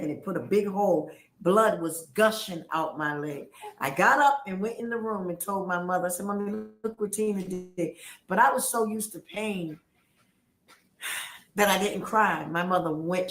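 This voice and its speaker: A woman's voice: medium pitch, moderate pace. A middle-aged woman on a livestream, emotional and accusatory, repeating her points as she rants. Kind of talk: heated livestream rant. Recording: roomy echo.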